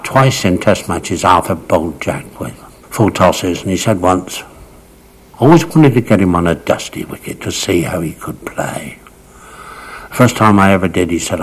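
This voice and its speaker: A man's voice: sits low, breathy edge, poor audio. A man telling anecdotes from memory, acting out the quoted speech of the people in his stories. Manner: acts out quoted speech in shifting voices. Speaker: storyteller. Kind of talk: anecdotal reminiscence.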